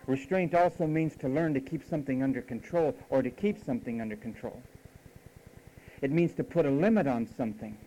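A man preaching a sermon in an emphatic, teasing way, dropping to hushed asides between louder points. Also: on the high side, rough recording.

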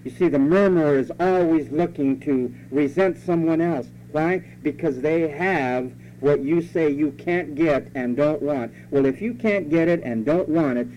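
A man's voice: fairly high pitch, mellow. Man preaching in a scolding, conversational way. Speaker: pastor. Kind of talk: sermon. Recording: dull lo-fi recording with faint hum.

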